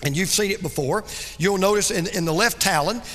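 High, bright-voiced preacher man in a hall. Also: fairly quick. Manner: dramatic preaching that drops soft and low for emphasis. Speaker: pastor. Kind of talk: sermon.

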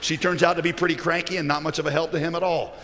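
A man preaches a sermon, weaving in stories and jokes. His voice is bright and a little high. Long reverb from a large hall trails behind every phrase. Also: flat delivery, fast. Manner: storytelling, joking.

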